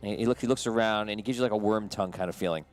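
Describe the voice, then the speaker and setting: A man's voice: fairly low pitch, racing, faint music behind. A man narrating as game master of a tabletop game, talking loosely with many restarts and fillers.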